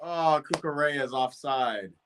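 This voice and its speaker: A man hosting a live football watch-along from home, reacting loudly to the match and chatting with viewers. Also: a little high, normal speed, background noise. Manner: excitable, shouts at big chances, chatty with chat. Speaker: watch-party streamer.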